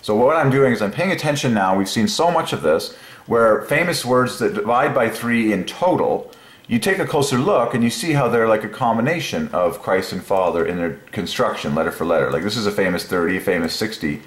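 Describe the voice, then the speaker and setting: A man hosting a channel, explaining an idea while thinking aloud, meandering and pausing often with fillers. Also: lowish voice, expressive, echoey room. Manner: musing, meandering, with many fillers. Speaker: channel host.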